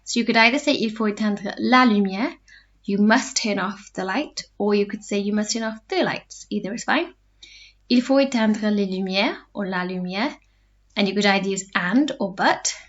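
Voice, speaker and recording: A woman French teacher giving a recorded lesson, explaining step by step and repeating phrases slowly. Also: medium pitch. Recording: dull lo-fi recording.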